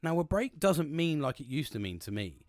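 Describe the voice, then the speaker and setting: A man's voice: on the high side, sing-song, normal speed, darkish tone, no room sound, clean studio sound. A man hosting a solo podcast, talking candidly and bluntly in a rambling, casual way, swearing freely and often restarting his sentences. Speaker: podcast host.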